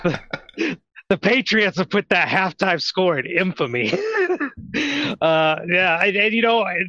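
A man co-hosting casual sports talk with a bright, forceful voice that sounds a little dull and lo-fi. He talks bluntly and profanely and laughs often. The sound is dry and close. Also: high-pitched, expressive, a little slow, no room sound. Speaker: sports podcast co-host.

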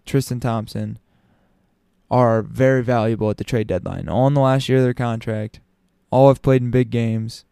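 A man's voice: medium pitch, mellow, clean tone, no room sound, clean studio sound. A man talking casually to his audience as a commentator, opinionated, with frequent ums and restarts. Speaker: sports commentator. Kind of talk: casual basketball talk.

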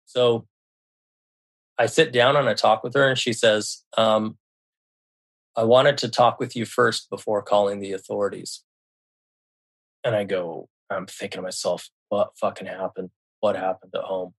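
A Seattle man, a left-behind parent appearing as a podcast guest, emotionally retells a personal story, quoting himself and others, restarting often, and swearing when upset. His lowish, slightly bright voice keeps a fairly even intonation at a measured pace with long pauses.

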